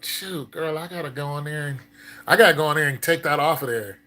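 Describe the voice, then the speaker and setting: Bright-voiced man, casual livestream chat. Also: fairly high pitch, a little fast. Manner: loose and conversational, lots of fillers; gets loud and excited chatting with viewers. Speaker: streamer. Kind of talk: casual commentary on scam messages.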